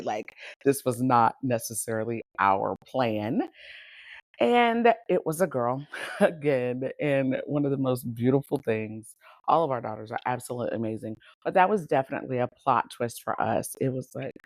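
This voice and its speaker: A woman speaks in a low, rich voice on a casual podcast, recorded close and dry with almost no room sound. She tells her stories with animated energy, breaking into laughter and talking straight to her listeners. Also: normal speed, dry recording. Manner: lively, animated, laughs often, addresses listeners as y'all. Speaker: podcast host and coach. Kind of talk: casual storytelling monologue.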